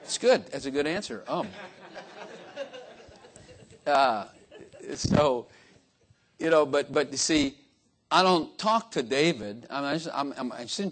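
A man's voice: a little high, animated, normal speed, long pauses. An older man preaching an informal sermon, folksy and joking, often turning to the congregation with "Amen?". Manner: folksy, joking asides, frequent "Amen?" to the crowd.

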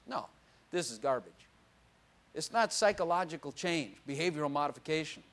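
An older man preaches a sermon in a fairly high voice at a moderate pace. He's animated, swinging between loud exclamations and quiet asides, and laughs often.

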